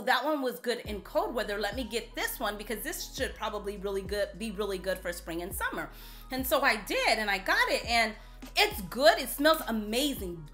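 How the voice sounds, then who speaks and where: A woman vlogger chatting casually to camera about perfumes, animated and playful, repeating herself for emphasis. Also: mid-range voice. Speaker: beauty vlogger reviewing perfumes.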